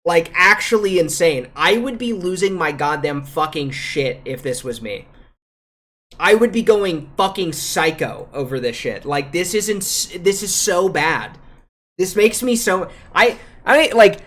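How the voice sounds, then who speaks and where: A man's voice: high voice, lively intonation, a little slow, a bit bright. A man streaming live while reviewing raid footage, ranting heatedly with heavy swearing, repeating himself and calling viewers bro and dude.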